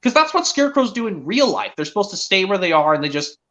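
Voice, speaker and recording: Animated bright-voiced teenage boy streamer. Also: high-pitched, quick pace, highs cut off. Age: teens. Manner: rambling, eager, restarts often. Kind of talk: casual chat.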